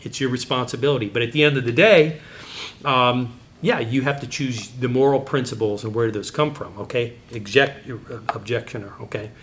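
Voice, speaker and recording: Man, middle-aged, apologetics teacher, animated, digressive, personal anecdotes. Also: normal speed, slight background noise. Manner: animated, digressive storytelling with sudden pitch jumps. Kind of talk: teaching talk with personal stories.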